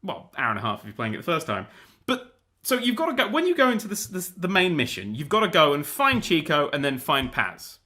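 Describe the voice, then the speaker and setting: A young man hosting a gaming show, ranting in a casual, animated, sweary, exasperated way. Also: fairly high pitch, a little fast. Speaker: gaming host. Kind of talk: casual rant about a video game.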